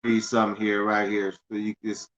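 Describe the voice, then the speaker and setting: A finance channel host reads news aloud in a casual livestream, talking fairly quickly in a lowish voice with a completely flat delivery. He's loose and conversational, stumbling, repeating words, and laughing at himself, and the lo-fi sound is dull.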